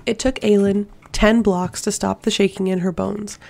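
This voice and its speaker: Steady fantasy audiobook narrator; gravelly, even tone. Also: medium pitch, normal speed. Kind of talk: fan audiobook reading of a fantasy novel.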